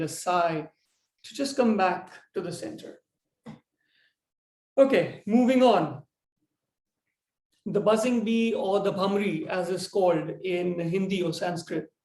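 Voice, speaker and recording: A man teaching a yoga breathing lesson in a relaxed, rambling way, tired and yawning. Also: high-pitched, roomy sound. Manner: relaxed, rambling explanation with fillers.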